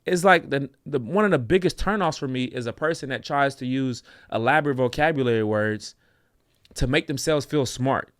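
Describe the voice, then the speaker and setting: A man co-hosting a casual reaction show, speaking in an animated, opinionated way. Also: medium pitch, normal speed, no echo, studio quality. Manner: animated, opinionated, slips into mocking voices. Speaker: co-host.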